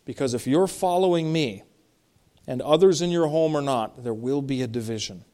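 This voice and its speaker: A man's voice: medium pitch, moderate pace, dark tone. A middle-aged male pastor preaching a sermon, reading Bible verses aloud and explaining them, with emphatic stresses.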